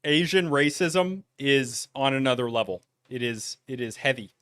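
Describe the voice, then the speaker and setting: A man's voice: mid-range voice, expressive, normal speed, a bit bright, clear, resonant tone, no echo, clean studio sound. A man giving casual reaction commentary on videos, thoughtful and conversational. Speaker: YouTube commentator.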